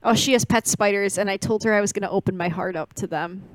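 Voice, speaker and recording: A young woman co-hosts a podcast, recapping a movie in a fast, mid-range voice. She keeps it casual, dramatic and jokey, laughing often.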